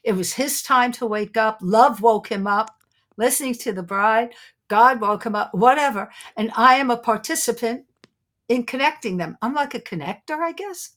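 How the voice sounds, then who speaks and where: This is an older woman with a New York accent, recounting her experiences to a host. Her voice is bright and forward, and she tells a story with lively timing and easy laughter. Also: a little high, moderate pace. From Brooklyn, New York. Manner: laughs often while telling stories. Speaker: guest, psychic detective. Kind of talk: animated storytelling in conversation.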